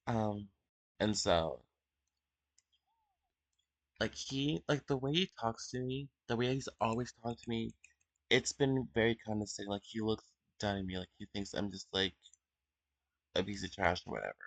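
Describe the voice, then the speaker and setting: A teenage young man giving an unscripted personal confession at home, emotional and halting, with many fillers and restarts. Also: fairly low pitch, gravelly, no echo. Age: teens. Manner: emotional, soft-spoken. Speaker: vlogger.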